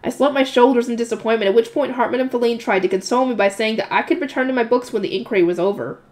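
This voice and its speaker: Woman reading a novel aloud, slightly high. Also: very fast, darkish tone. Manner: breaks off for chatty comments and laughs at herself. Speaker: reader of a light novel.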